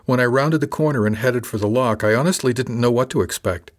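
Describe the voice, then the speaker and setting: Measured man narrating a novel. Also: mid-range voice. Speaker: audiobook narrator. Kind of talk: first-person novel narration.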